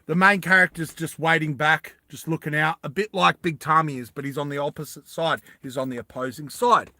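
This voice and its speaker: A man's voice: a little high, fairly quick, no room sound, clean studio sound. A man animatedly telling a movie story to friends, often asking "right?". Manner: animated, laughing, repeats "right?". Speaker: storyteller pitching a movie plot.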